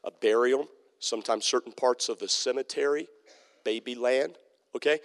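A man's voice: medium pitch, moderate pace, creaky. Emphatic male preacher in a reverberant hall. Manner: emphatic, repetitive preaching with frequent "Okay?" check-ins. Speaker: pastor. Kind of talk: sermon.

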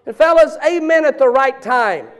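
A man, preaching a sermon with shouted bursts and joking asides. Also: very high-pitched, lively intonation, moderate pace. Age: 50s.

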